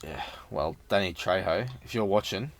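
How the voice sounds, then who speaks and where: A man hosting a podcast in casual chat, talkative and quick to laugh. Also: sits low, lively intonation, no room sound. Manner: chatty, laughs easily, many fillers. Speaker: podcast host.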